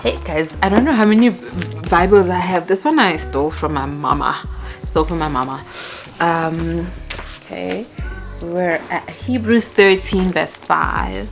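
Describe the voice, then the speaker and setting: A woman in her forties reading Bible verses aloud and reflecting on them in a casual home vlog, with slow pauses and soft laughs. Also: lowish voice, lively intonation, creaky, music in the background. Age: 40s. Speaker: vlogger. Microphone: clip-on mic.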